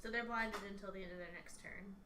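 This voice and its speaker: A woman's voice: mid-range voice, steady tone, quick pace, sharp tone, a little hiss or hum. A woman playing a tabletop game, explaining rules and laughing easily. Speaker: player. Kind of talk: casual game chat. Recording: echoey room with crowd behind.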